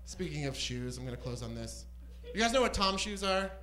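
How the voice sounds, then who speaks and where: Camp male stand-up, lively swooping pitch, shrieky bursts on a club stage. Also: brisk, soft background music, low-quality recording. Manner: camp, animated storytelling with squealing outbursts. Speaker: stand-up comedian. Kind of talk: stand-up comedy set.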